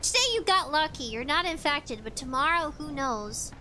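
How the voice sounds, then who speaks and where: A woman's voice: high voice, animated, moderate pace, pushed and bright, slight background noise. A woman live-streaming a game in casual chat, giggling as she reads chat messages and game text aloud. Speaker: VTuber streamer.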